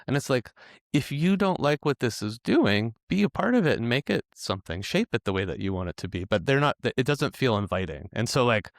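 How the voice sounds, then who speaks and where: A man's voice: medium pitch, very animated, brisk, vocal fry, dry recording, studio quality. A man who is a podcast guest, talking in a casual, rambling way with lots of restarts and stammered words. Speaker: developer educator, guest.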